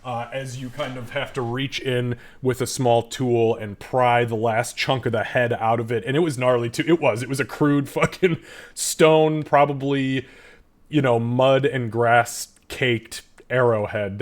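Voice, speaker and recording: A male game master narrating a tabletop role-play session. He talks in a loose, rambling way, with plenty of swearing and "uh"s, at an ordinary middle pitch. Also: fairly even intonation, a little slow. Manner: loose, profane, full of fillers.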